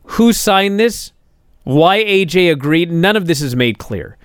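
A man's voice: on the high side, animated, a little slow, clean tone, no room sound, clean studio sound. A man giving a casual, sarcastic recap of a wrestling show, exasperated and building to indignant outbursts.

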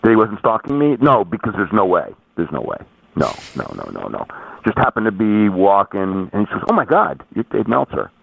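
Guy rambling on a call, husky, lively ups and downs, super tinny phone sound. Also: deep voice, no echo. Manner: rambling, halting restarts. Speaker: podcast guest. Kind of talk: casual storytelling.

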